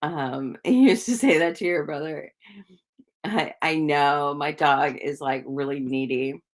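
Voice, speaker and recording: A woman's voice: low-pitched, unhurried. A woman chatting casually with viewers on a livestream, rambling with lots of fillers and little giggles. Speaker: psychic livestreamer.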